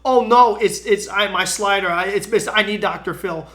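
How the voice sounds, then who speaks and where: A man mocking a whiny grown pitcher. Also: moderate pace, sharp tone. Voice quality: whining, pleading.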